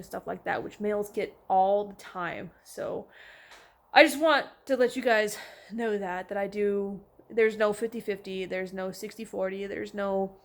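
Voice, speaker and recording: A young woman chatting casually to camera at home, talking to her cats between thoughts. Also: mid-range voice. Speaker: vlogger. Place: at home, indoors.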